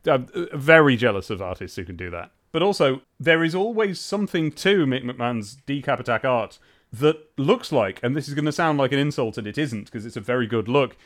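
A man co-hosting a casual podcast, relaxed, amused and thoughtful. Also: mid-range voice, fairly quick. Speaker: podcast co-host. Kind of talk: casual comic chat.

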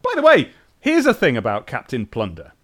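Enthusiastic man, lively pitch. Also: fairly quick. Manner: enthusiastic, giggly, chatty. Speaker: podcast co-host. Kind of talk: casual chat.

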